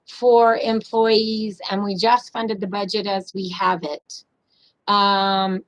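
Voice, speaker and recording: A woman presenting budget figures to county commissioners at a public meeting, businesslike, hurried, with frequent ums and uhs. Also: mid-range voice, flat delivery, rough recording.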